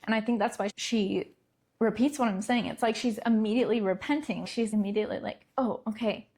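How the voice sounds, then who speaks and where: A woman's voice: medium pitch, steady tone, brisk, darkish tone. A young adult woman hosting a parenting podcast, talking casually and laughing lightly between words. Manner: conversational, laughs lightly mid-sentence. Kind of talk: casual solo talk.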